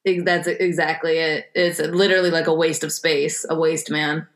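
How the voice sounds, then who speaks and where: A woman's voice: sits low, flat delivery, moderate pace. A young American woman co-hosting a casual chat, laid-back as she quizzes her co-host. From United States. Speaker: podcast co-host.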